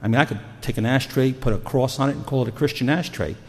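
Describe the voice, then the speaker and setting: Talking fast in a mid-range voice, a preacher delivers an earnest, story-driven sermon, performing panicked voices as he goes. The sound carries a hall's long reverb.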